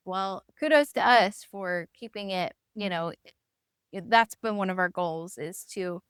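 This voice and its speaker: Woman podcast host in her thirties, smooth clear voice, dry close sound, lively storyteller. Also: medium pitch, unhurried, dry recording. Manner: animated storyteller acting out quoted voices. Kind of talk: candid faith podcast storytelling.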